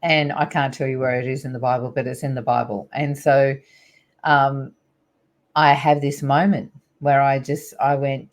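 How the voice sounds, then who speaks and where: A woman's voice: rumbling low, flat delivery, normal speed. Middle-aged woman, interview guest, earnest, rambling, lots of fillers. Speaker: guest, spiritual teacher. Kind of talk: personal storytelling in an interview.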